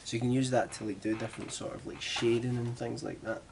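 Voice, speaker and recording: This Glasgow-born young man speaks fast with vocal fry, his medium-pitched voice holding a steady tone over background noise. He's a vlogger with a Glaswegian Scottish accent, chatting to camera in a rambling, self-mocking way.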